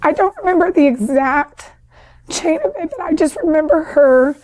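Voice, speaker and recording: A woman's voice: sits high, normal speed, a little mellow. A woman guest telling a personal story in a chatty way, full of fillers, who calls herself an overachiever and people pleaser. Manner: talkative, with many fillers like "like" and "um". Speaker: podcast guest sharing her story.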